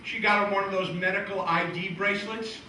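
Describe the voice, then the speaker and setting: A middle-aged man doing a stand-up comedy and magic routine with deadpan joke delivery, acting out the voices of old relatives. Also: high voice, fairly quick. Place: live show venue. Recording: echoey room from a distant mic, faint noise.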